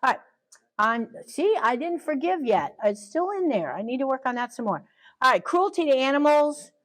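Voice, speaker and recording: A middle-aged woman leads a training talk for caregivers, lively and animated, slipping into quick asides where she acts out children and parents. Her voice is high, and the recording is rough.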